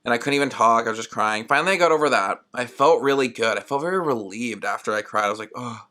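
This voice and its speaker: Young male solo podcaster, bright tone, chatty and rambling, acts out his own lines. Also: mid-range voice, fast talker. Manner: rambling and animated, heavy use of "like"; acts out his own past words in quoted asides. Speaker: podcast host.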